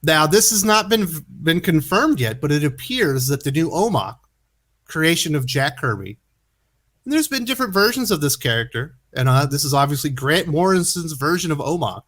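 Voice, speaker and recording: A man's voice: on the high side, lively intonation, moderate pace, a bit bright. A man hosting a comic book commentary, sarcastic and incredulous, often chuckling at what he reads. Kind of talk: opinion commentary.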